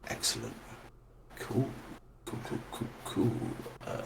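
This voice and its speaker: A man running a tabletop game as game master, unhurried and terse. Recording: loud hiss and clicks.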